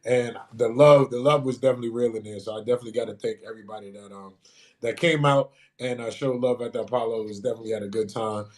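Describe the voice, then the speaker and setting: A man co-hosting a podcast from his sunroom, talking loosely and animatedly and shouting out his chat. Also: mid-range voice, steady tone, fast. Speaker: podcast co-host. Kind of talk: casual chat. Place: sunroom at home.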